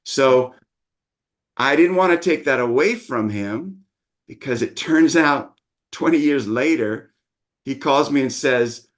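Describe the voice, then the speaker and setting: A man's voice: medium pitch, animated, slow pace. A middle-aged man, a dialect coach, patiently explaining his teaching methods in an interview.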